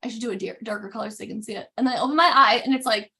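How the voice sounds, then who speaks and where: Chatty high-voiced woman demoing makeup. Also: racing, creaky. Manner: chatty, animated, self-interrupting. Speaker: makeup demo host. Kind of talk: casual live makeup tutorial.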